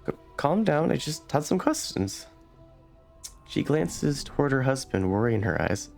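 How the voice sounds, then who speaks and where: A man's voice: mid-range voice, sing-song, a little slow, creaky, darkish tone, faint music behind. A man hosting a let's play, reading game text aloud unhurriedly, with hesitant fillers between passages.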